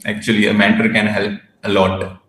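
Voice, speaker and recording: A teenage man answering interview questions in halting phrases with frequent restarts. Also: lowish voice, level tone, a bit bright, roomy sound, rough recording. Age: teens. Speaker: guest researcher.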